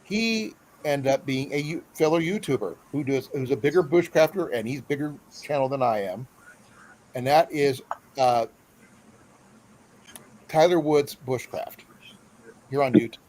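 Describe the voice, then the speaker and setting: A man hosts a casual live stream and rambles along in a friendly way, stopping for plenty of fillers. His voice sits at a middle pitch. Faint hiss and ambience run underneath. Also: unhurried, pauses often, a little mellow, low-quality recording. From Iowa. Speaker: host.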